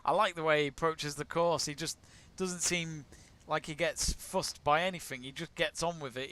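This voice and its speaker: A man from England runs a live golf watch-along, greeting viewers by name and reading out their comments between shots. His voice is bright and crisp, and sits a little higher than most men's. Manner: chatty, greets viewers and reads out their messages. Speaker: watch-along stream host.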